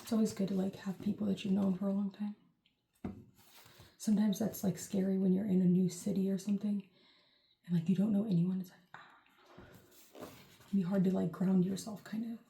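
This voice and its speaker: Chatty woman reading tarot, mellow voice. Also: medium pitch, little pitch movement, fairly quick, gravelly, pauses often. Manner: rambling, chatty, full of "like" and "um". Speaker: tarot reader. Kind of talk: casual tarot reading to camera. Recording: roomy echo.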